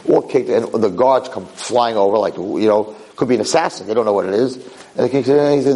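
A man giving a lecture, telling a parable in an animated, conversational way. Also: on the low side, fairly quick, rough recording. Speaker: Torah lecturer. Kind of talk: storytelling lecture.

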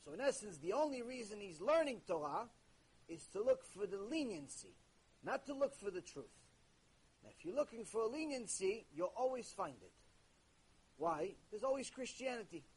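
A man delivering a recorded religious ethics lesson, talking to his listeners in an animated, conversational way. His voice is husky and pitched high. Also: normal speed, low-quality recording. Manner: animated, conversational, with sudden jokes. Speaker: religious teacher.

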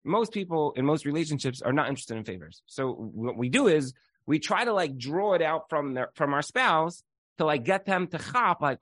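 Here the man's pitch is fairly high and his delivery brisk, recorded with no room sound. His relaxed Torah lecture is animated storytelling, heavy on "like" and acted-out quotations of other people.

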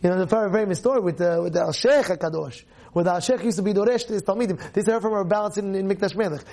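A man, a rabbi, giving a Torah class, animated, firing rhetorical questions and repeating phrases for emphasis. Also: high-pitched, racing.

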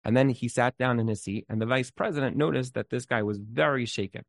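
A man with a creaky, mid-range voice speaks a little fast while sharing relationship advice in an informal talk full of stories. Earnest and emphatic, he repeats words as he thinks and weaves in Hebrew terms.

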